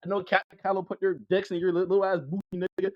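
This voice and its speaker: A young man in a heated online voice-chat debate rants aggressively, hurling insults at his opponent. His high voice races in a level tone, with no echo, over a dull, lo-fi line.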